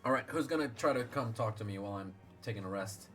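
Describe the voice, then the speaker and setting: A man's voice: fairly low pitch, expressive, quick pace, fairly bright tone, faint music behind. Chatty man streaming a game. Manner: chatty, self-deprecating asides. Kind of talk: casual game commentary.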